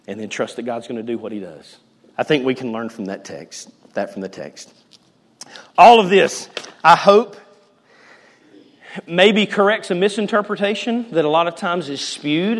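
A man preaching a sermon as a pastor, chatty and jokey, swinging between loud emphasis and hushed near-whispers. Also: on the high side, lively intonation, normal speed. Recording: long hall reverb.

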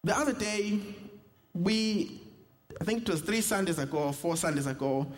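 A man's voice: high voice, normal speed. A young South African man, a pastor, preaching a sermon with humor and personal stories. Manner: storytelling with humor, animated asides. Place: church sanctuary. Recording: reverberant church hall.

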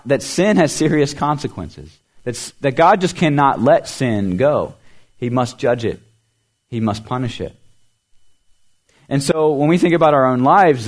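A pastor preaches a sermon earnestly, repeating words for emphasis. He raises his voice on key phrases and lets it sink soft and low at the ends.

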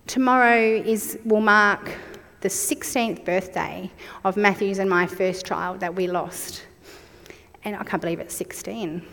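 A woman's voice: mid-range voice, fairly even intonation, unhurried, gravelly, a bit bright, in a large hall. A woman in her forties preaching a sermon, reflective and personal as she shares her own story.

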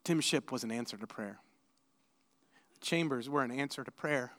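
A middle-aged man preaching as a pastor, telling a personal story in a conversational, animated way before leading prayer. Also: mid-range voice, normal speed. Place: church sanctuary. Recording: church hall with long reverb.

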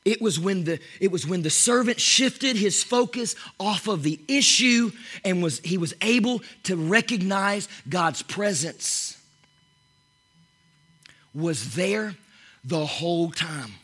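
A man preaching an animated sermon, swinging from loud exclamations to hushed whispers, often restarting and repeating his words. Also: high voice, slow pace, husky. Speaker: pastor. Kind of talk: energetic sermon.

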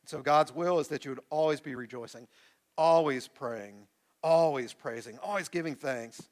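A man's voice: on the high side, normal speed. A man in his forties preaching a sermon to a live congregation, reading scripture and calling out for the room to answer back. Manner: animated, call-and-response with the congregation. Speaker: pastor. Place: church sanctuary with a live congregation.

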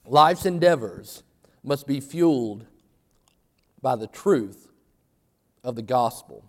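Man, sermon, animated conversational preaching, reverberant hall. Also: medium pitch, slow. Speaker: pastor. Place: church sanctuary.

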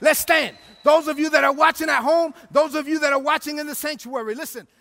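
Pastor, male, high bright voice with gravelly edges, shouting, sing-song sermon delivery. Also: steady tone, a little fast. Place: church sanctuary.

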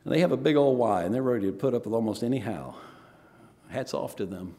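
A man's voice: medium pitch, quick pace. A middle-aged man preaching a sermon, telling stories and acting out quoted voices along the way. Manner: storytelling, animated, acts out quoted voices. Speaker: former pastor, missionary speaker. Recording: reverberant hall.

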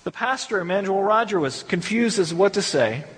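A man's voice: high voice, animated, moderate pace, fairly bright tone, husky, long reverb tail. A man teaching a Bible study in a conversational sermon style, repeating words and adding asides.

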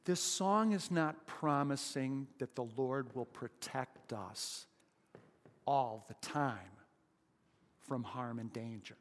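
A male pastor preaches slowly and deliberately and puts questions to his congregation. His emphatic exclamations rise and ring out through a church. A long reverb trails after each phrase. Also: medium pitch. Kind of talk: sermon.

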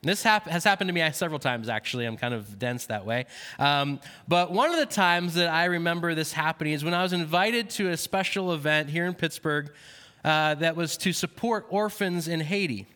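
A man's voice: a little high, animated, normal speed, sharp tone, clean tone. A man preaching a sermon, telling a personal story with frequent fillers and then reading scripture aloud. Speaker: pastor. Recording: long hall reverb.

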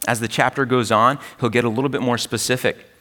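Earnest preaching man in a reverberant hall. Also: medium pitch. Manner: earnest, expressive preaching with dramatic pauses. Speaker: pastor. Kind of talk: sermon.

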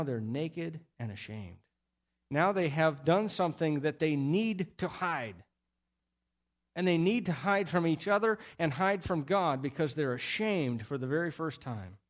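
Animated middle-aged male pastor preaching. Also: fairly high pitch. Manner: animated storytelling with playful acted quotes. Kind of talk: sermon.

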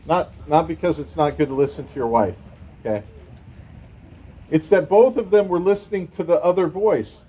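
A man's voice: fairly high pitch, moderate pace, warm tone, breathy edge, muffled recording. A man preaching a sermon in a conversational way, with casual asides to the congregation. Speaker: pastor.

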